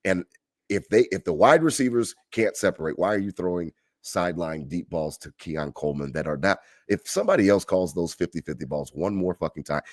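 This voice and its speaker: Fast-talking animated man, low voice. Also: no echo, studio quality. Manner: animated storyteller, swears, acts out arguments. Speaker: podcast co-host. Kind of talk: casual sports chat.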